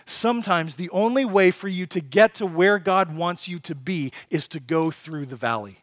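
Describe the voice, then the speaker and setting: A man preaching a sermon to a congregation, emphatic, with rhetorical questions and swings between loud passages and hushed ones. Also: sits high, normal speed, few pauses, no room sound. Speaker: pastor.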